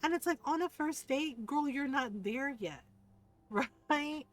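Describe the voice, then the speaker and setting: A woman streaming a game, telling gossipy stories in a lively, casual way and swearing freely. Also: high voice, measured pace. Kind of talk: casual live-stream chat.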